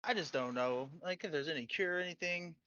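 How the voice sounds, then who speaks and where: A man's voice: on the high side, fairly quick, bright, forceful tone, dull audio. A man playing a tabletop game, crude and playful, laughing often. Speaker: player. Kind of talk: casual tabletop game chat.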